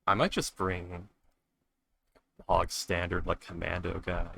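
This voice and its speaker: A man's voice: low voice, level tone, takes it slowly, creaky, a bit bright. A man chatting casually as a tabletop game player, rambling and joking and often correcting himself. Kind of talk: casual chat between players.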